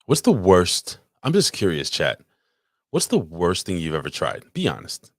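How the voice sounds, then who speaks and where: A man with a very low voice that swings widely in pitch, co-hosting a podcast. He teases, swears freely and fires off questions. The sound is dry and close. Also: huge pitch swings, no room sound. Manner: profane, teasing, questions rapidly. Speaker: podcast co-host. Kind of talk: casual crude banter. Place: podcast studio.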